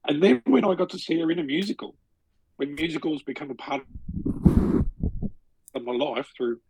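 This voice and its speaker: A man's voice: a little high, lively intonation, moderate pace, gravelly, darkish tone, slightly rough, no room sound, poor audio. A middle-aged man, co-hosting a podcast and telling stories in a casual, rambling way full of restarts. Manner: chatty, storytelling with lots of restarts. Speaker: podcast co-host. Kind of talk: casual chat.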